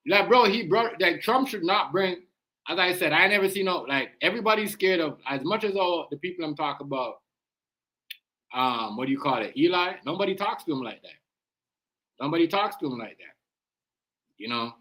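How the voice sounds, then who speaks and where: A man with a Jamaican accent riffs through a casual reaction stream. His voice sits high for a man and has a bright, forceful edge. He talks in slang, leans hard on his points and keeps checking in with "you know what I mean". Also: animated, moderate pace. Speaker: livestream reaction host.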